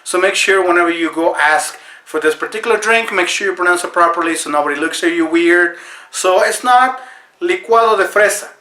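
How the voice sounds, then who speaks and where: A man hosting a deadpan mock tutorial, earnest and full of fillers. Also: high-pitched, fairly quick, roomy sound. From Mexico. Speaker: comedy video host.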